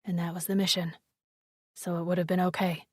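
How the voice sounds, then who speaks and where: A stern, protective male warrior speaks in a low, clipped growl, as a woman narrator puts him on. His lines come out curt and gruff, lower than her own voice, and the sound is dry and close. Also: little pitch movement, a little fast, darkish tone, no echo.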